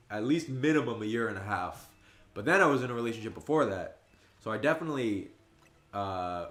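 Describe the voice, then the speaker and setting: A man in his twenties chatting casually on a gaming livestream, telling stories and jumping high and loud when he quotes his friends. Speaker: streamer. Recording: roomy echo.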